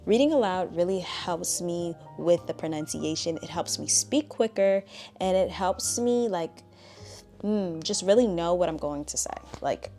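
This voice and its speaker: A woman's voice: on the low side, animated, unhurried, mellow, faint music behind. A woman giving a casual spoken language tutorial, chatty and direct as she coaches the viewer.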